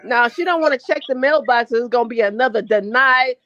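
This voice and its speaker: A woman's voice: a little high, fairly quick, fairly bright tone, dry recording, dull audio. A woman co-hosting a livestream, ranting bluntly and with heavy profanity. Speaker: livestream co-host. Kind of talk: heated live-stream commentary.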